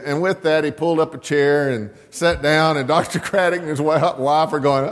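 A man preaching a sermon, telling a story slowly and emphatically, repeating key lines. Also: a little high, in a large hall. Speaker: pastor.

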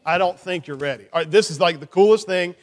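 A man with a high, light voice runs a lively children's church time in a reverberant hall. He is playful and animated, teasing the kids with questions and cheering on his young helper. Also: fast. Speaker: children's pastor.

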